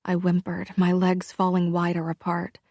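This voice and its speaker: A woman narrates a first-person romance audiobook, reading slowly and intimately. Her voice is low-pitched with a gravelly rasp. The recording is dry and close. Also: completely flat delivery, a little mellow, dry recording.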